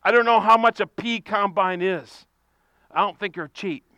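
High, bright-voiced impassioned male preacher. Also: normal speed, no room sound, dull audio. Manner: impassioned preaching, repetitive cadences, bursts of shouting. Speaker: pastor. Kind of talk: sermon.

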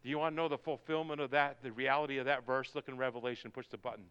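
A male pastor preaching a sermon, building from quiet talk to shouted, soaring lines. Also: mid-range voice, fairly even intonation, racing, clean tone, lo-fi sound.

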